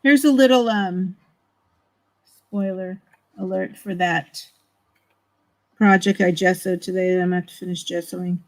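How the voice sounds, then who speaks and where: A woman's voice: lowish voice, steady tone, measured pace, pauses often, rough recording. Chatty woman streaming art. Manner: chatty and laughing easily. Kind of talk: casual livestream chat.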